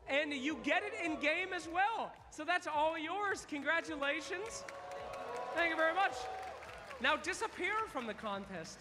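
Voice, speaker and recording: A man hosting a live trivia contest on stage at an esports event, energetic and teasing, calling out to the crowd. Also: very high-pitched. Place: large event hall on stage. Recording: long reverb of a big hall.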